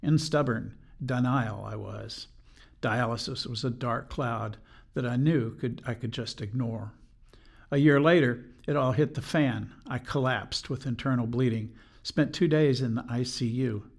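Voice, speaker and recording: An older man giving a measured, earnest personal testimony as a podcast guest, slowing down for quoted lines. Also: mid-range voice, vocal fry.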